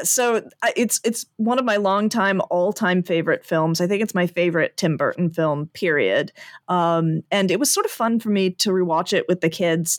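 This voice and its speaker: A woman co-host with a fairly low voice chats easily and throws in quick playful jokes. The sound is dry and close. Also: dry recording. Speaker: podcast co-host. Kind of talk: casual podcast chat.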